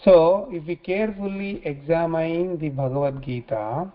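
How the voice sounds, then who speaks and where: A man teaching scripture in a religious talk, halting often and repeating phrases as he restarts. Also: on the high side. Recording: dull lo-fi recording.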